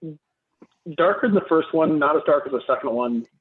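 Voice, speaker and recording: A man joining a casual wine tasting on a video call, telling quick chatty stories. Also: a little high, animated, breathy edge. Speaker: participant in a virtual wine tasting. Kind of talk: casual group chat over a video call. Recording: tinny phone-like call audio.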